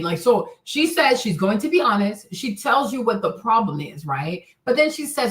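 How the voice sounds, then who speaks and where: A woman's voice: fairly high pitch, very animated, normal speed, reverberant. A woman hosting a commentary livestream, talking emphatically and often checking in with "right?" and "okay?". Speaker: host.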